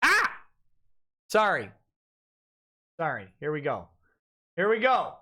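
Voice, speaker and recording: A woman's voice: low voice, big pitch swings, unhurried, a bit bright. Sarcastic ranting woman host. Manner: sarcastic, ranting, reads text aloud with asides. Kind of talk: livestream commentary.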